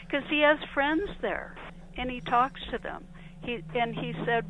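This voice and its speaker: A woman's voice: on the high side, expressive, moderate pace, a little hiss or hum. A woman calling in to a radio talk show, chatting emphatically. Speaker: caller. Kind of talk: call-in conversation. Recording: tinny phone line.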